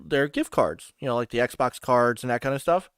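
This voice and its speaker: A man's voice: mid-range voice, expressive, moderate pace, clean tone, no echo, clean studio sound. A man hosting a casual gaming podcast from his home basement, laughing often and getting flustered. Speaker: podcast host.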